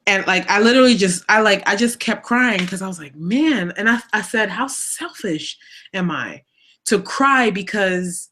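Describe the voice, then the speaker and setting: A woman's voice: mid-range voice, measured pace, slight background noise. Candid woman telling an emotional story. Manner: emotional, animated retelling with many fillers. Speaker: talk show guest.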